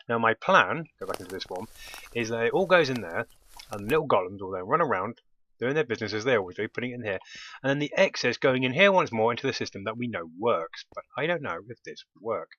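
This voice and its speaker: Man, gameplay commentary, bright forceful voice, excitable, muffled lo-fi mic. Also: mid-range voice. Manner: excitable, bursts into delighted exclamations. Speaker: let's play host.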